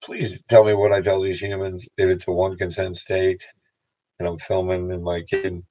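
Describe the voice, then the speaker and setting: A man's voice: low-pitched, level tone, dark tone, dull audio. A man talking in a rambling, casual monologue to camera, swearing freely and restarting his sentences often. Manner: meandering, profane, halting restarts. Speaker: vlogger.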